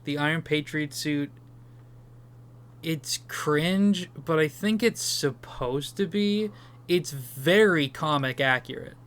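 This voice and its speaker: Smooth-voiced young man chatting about movies. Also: on the high side, a bit bright. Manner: enthusiastic, swears casually, quick asides. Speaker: podcast co-host. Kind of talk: casual movie review chat.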